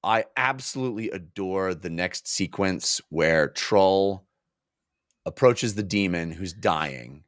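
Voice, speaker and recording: A man co-hosting a casual book podcast, his pitch bouncing lively up and down as he retells scenes. He talks with excitement, stumbling through fillers and restarts. The sound is dry and close, with no room around it. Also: slow pace, dry recording. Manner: animated, enthusiastic retelling with many fillers and restarts. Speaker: podcast co-host.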